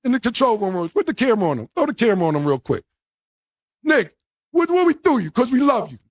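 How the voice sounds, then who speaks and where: A podcast host, a man, ranting loudly and taunting, laughing as he boasts. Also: very high-pitched, sing-song, quick pace, no echo, clean studio sound. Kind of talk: boastful rant.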